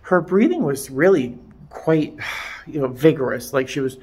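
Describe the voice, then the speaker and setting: A distraught man close to tears, talking haltingly in a personal vlog from a vet clinic, with many restarts. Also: fairly high pitch, expressive, a little mellow, slightly rough. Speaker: vlogger. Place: veterinary clinic.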